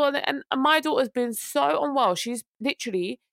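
Animated ranting woman. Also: sits high, brisk, gravelly, dry recording, clean studio sound. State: unwell. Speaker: podcast co-host. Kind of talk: casual chat.

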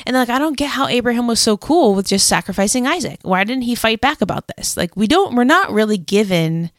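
A woman's voice: a little high, lively intonation, a little fast, no echo, clean studio sound. A woman co-hosting a casual faith podcast, telling a story in a chatty, rambling way full of "like" and self-deprecating laughs. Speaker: podcast co-host.

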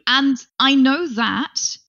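A woman's voice: sits high, very slow. A woman talking casually in a podcast conversation, chatty and playful. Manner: chatty, animated, playful asides. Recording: slightly dull audio.

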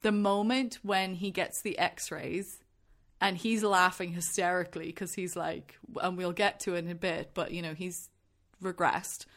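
Animated woman in casual chat. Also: lowish voice, measured pace. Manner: animated, acts out quotes in raised voices. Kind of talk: casual chat about a show.

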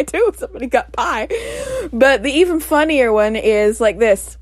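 A woman with a high voice chats unhurriedly as a solo podcast host, dry and close to the mic. She is playful, makes jokey asides and keeps dissolving into giggles. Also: unhurried, no room sound. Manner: giggly, often breaks into laughter. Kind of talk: casual solo podcast chat.

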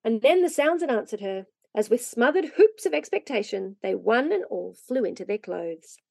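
A woman reads a storybook aloud with lively, expressive narration. Her voice is fairly high and moves a lot. It is recorded dry and close. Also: moderate pace, creaky, no echo. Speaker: reader.

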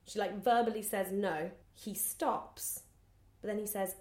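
A woman's voice: medium pitch, measured pace. A woman co-hosting a podcast, casually recapping a book and acting out its quotes as she goes. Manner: animated storytelling, acting out quotes. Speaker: podcast co-host. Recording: roomy echo.

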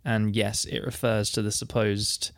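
A man's voice: fairly low pitch, level tone, unhurried, gravelly, no room sound, studio quality. A man co-hosting a casual music podcast, reading out definitions and quotes and laughing easily. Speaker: podcast co-host.

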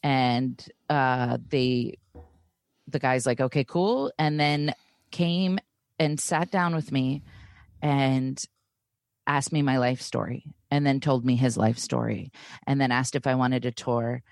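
A woman in her thirties tells a story in a loose, chatty way and lively slips into the voices of the people she quotes. Her voice sits at a middling pitch and sounds dry and close, with no room around it. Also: slow, no room sound. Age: 30s. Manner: animated, acts out quoted voices while retelling. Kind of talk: casual storytelling chat.

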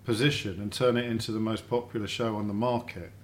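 A man's voice: fairly low pitch, steady tone, quick pace, slight background noise. A middle-aged man, chatting as a dinner guest and telling stories, often repeating words as he thinks. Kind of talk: casual dinner-table chat. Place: home dining room.

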